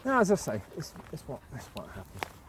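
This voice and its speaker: A man's voice: mid-range voice, huge pitch swings, brisk, background noise. A man chatting casually on a walk outdoors in a village, calling commands to his dogs and cooing at puppies. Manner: coos affectionately at dogs and puppies. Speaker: vlogger walking his dogs. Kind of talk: casual walk-and-talk chat.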